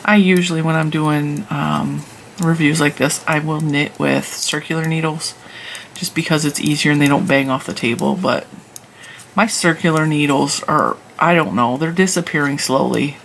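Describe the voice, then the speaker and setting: This knitting and crochet channel host has a low, steady voice and talks at a normal speed while knitting and reviewing yarn. She rambles casually onto tangents and laughs at herself. A little hiss or hum sits on the poor audio.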